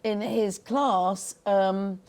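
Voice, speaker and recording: A woman's voice: medium pitch, fairly even intonation, very slow, darkish tone. A middle-aged woman, a film director and guest, talking earnestly in an interview and telling stories with quoted voices. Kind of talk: interview conversation.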